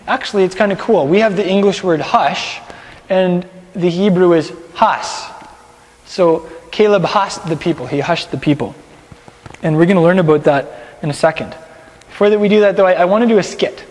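A man with a high voice teaches a Bible lesson in a casual, lively way. He directs his class and explains scripture. The sound carries a long hall reverb. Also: normal speed. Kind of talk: sermon with a class skit.

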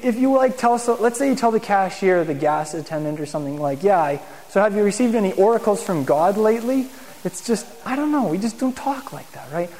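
A man with a high voice gives a conversational sermon to a congregation, lively and informal, often asking his listeners questions. His voice rings through a room with a long reverb. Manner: casual and animated, asks the room questions. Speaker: teacher in a Messianic congregation.

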